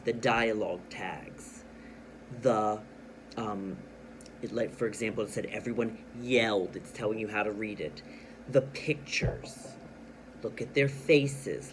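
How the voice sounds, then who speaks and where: A man teaching a children's reading lesson. He reads a storybook aloud with lots of expression, stressing words and pausing, then explains plainly what he did. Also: medium pitch, a little hiss or hum.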